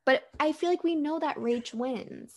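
A woman's voice: high-pitched, measured pace. A young woman co-hosting a casual podcast, laid-back and filling her talk with "like" and "dude". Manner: casual, says "dude" and "like" a lot. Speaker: podcast co-host. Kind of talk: casual chat.

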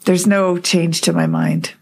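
A woman's voice: lowish voice, level tone, measured pace, creaky. A woman who is a guest on a casual podcast, talking in a chatty, rambling, self-deprecating way.

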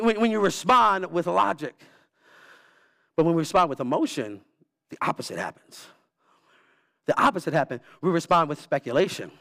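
Animated high-voiced male preacher. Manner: animated preaching with shifting pitch, repeats words for emphasis. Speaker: pastor. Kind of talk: sermon. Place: church.

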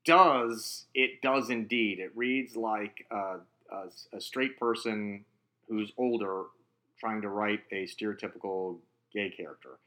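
Male co-host, eager and chatty, bright tone. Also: fairly low pitch, steady tone, slow. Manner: enthusiastic, chatty. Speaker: podcast co-host. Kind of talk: casual chat.

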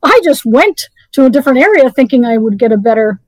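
A middle-aged woman telling her personal story as an interview guest, halting and full of restarts. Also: high voice, animated, darkish tone, dry recording, poor audio. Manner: halting, many restarts and fillers.

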